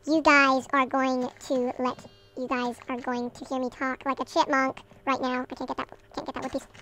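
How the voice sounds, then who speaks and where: A man's casual gameplay commentary sped up into a chipmunk voice, chattering with excited outbursts. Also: very high voice, very fast, noisy background, pitched above the performer's own voice.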